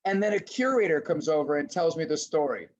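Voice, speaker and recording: A middle-aged man presenting a lively webinar lecture to teachers, acting out little scenes as he goes. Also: a little high, brisk. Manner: animated, acts out little scenes in voices. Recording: dull lo-fi webinar audio.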